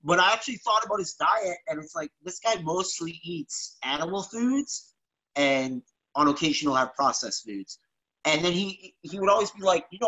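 A man's voice: fairly high pitch, bright, forceful tone, slightly rough, low-quality recording. A man hosting a casual podcast, laid-back, swearing freely and calling people "bro". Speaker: podcast host.

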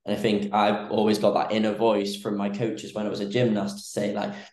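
A young adult man, a fitness coach, chatting casually on a podcast in a relaxed, rambling way with many fillers. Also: fairly low pitch, moderate pace, hardly any pauses. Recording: roomy echo.

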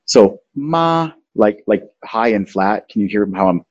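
A man's voice: fairly low pitch, flat delivery, normal speed, a little mellow, no echo, muffled recording. A man hosting a casual talk show, playfully explaining language and singing out example tones. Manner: playful, teaching, sings out tones. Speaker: podcast host.

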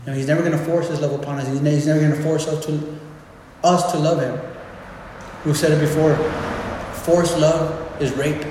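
A man preaches in a loose, conversational way, stumbling over and repeating words as he works through his point. His voice sits a little high for a man and rings out in a big, echoing hall with long reverb. A faint murmur of room ambience hangs behind him. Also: fairly even intonation, a little fast, background noise. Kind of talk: informal sermon.

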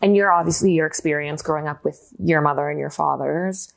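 A woman's voice: deep voice, fairly quick, creaky. A woman interviewer asking questions and affirming her guest in an engaged, encouraging way. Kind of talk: interview conversation.

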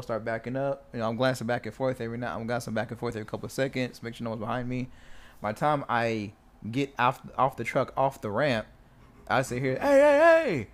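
A man telling a story in casual chat, swearing freely and acting out the quotes loudly. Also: mid-range voice, fast. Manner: animated, swears a lot, acts out quotes loudly.

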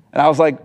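A man in his thirties, a pastor giving a sermon in a conversational storytelling way, full of restarts and asides asking "right?". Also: a little mellow.

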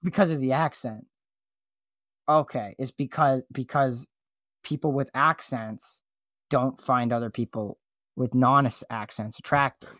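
A man hosting a comedy podcast, goofy and flustered, his voice jumping up high when he panics. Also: fairly even intonation, a little slow, fairly bright tone, no room sound, studio quality. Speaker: podcast host. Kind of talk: comedic casual chat.

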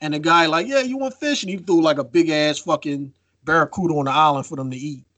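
A man cohosting a podcast, telling stories in a casual, profane, animated way. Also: on the high side, quick pace, dry recording. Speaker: podcast co-host.

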